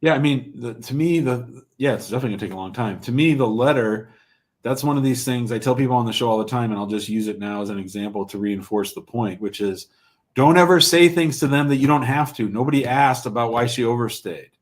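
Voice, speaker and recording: A man's voice: medium pitch, fast talker. A man hosting a live call-in show, giving blunt, plain-spoken immigration advice to callers and viewers.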